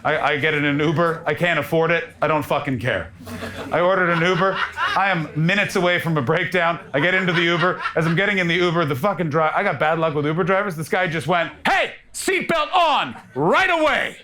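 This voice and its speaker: This Canadian comic in his thirties talks fast in a voice on the high side, telling animated stand-up stories with bouts of mock crying and different voices. It's recorded live in a comedy club, with clear crowd noise and laughter from the audience.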